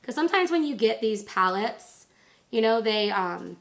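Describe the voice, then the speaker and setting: A woman in her thirties, hoarse from laryngitis, chatting casually and rambling through a makeup tutorial. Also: a little high, very animated, moderate pace. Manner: chatty, rambling, lots of fillers. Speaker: beauty vlogger.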